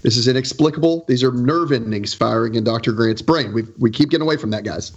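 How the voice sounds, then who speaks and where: A man's voice: mid-range voice, fast, highs cut off, a little hiss or hum. A man co-hosting a podcast, adding dry, joking asides in casual chat. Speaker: podcast co-host.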